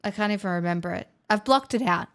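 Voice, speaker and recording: Speaking quickly in a mid-range voice, a young Australian woman keeps up casual live stream chatter. Her manner is playful and a touch dramatic, with plenty of self-mockery.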